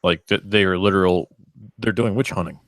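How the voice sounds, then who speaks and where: A man's voice: low voice, fairly quick, no room sound. A man on a livestream panel speaking emphatically, repeating his points. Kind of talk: casual livestream chat.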